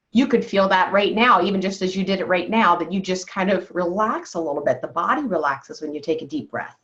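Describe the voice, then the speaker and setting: A woman health coach leading a wellness call, coaching her listeners and checking in with "okay?" after almost every point. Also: mid-range voice. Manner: coaching tone, keeps asking "okay?". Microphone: video call. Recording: dull lo-fi video call audio.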